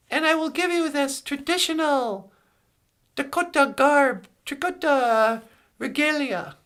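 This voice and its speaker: A stern old grandfather hands down his decisions in a solemn, commanding way, put on by a woman telling a joke. The voice sits high and carries a gravelly fry. It is told casually, like a story in a joke. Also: bright, forceful tone, full character voice.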